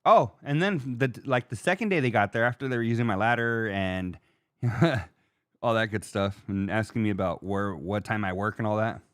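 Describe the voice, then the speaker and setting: A man's voice: on the low side, normal speed, smooth, dry recording, studio quality. A man hosting a podcast from a hotel room, telling a story casually with swearing, laughter and exasperation. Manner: profane, exasperated, laughing retelling. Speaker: podcast host.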